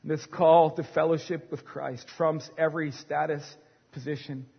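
Middle-aged male pastor, high voice, dynamic sermon delivery, dull lo-fi recording. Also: steady tone, a little slow, gravelly, breathy edge. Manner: dynamic preaching, swinging from hushed to loud. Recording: long hall reverb, dull sound.

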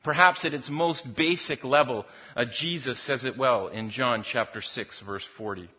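A man's voice: mid-range voice, moderate pace, husky. A man preaching a sermon in a conversational, storytelling manner, often repeating words as he goes. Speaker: pastor. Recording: dull lo-fi recording.

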